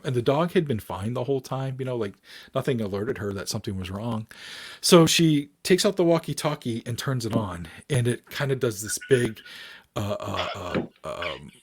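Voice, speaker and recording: A man's voice: medium pitch, normal speed, husky. A man, a paranormal researcher guest, telling a story in casual chat and acting out the people in it. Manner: animated storyteller acting out quoted voices.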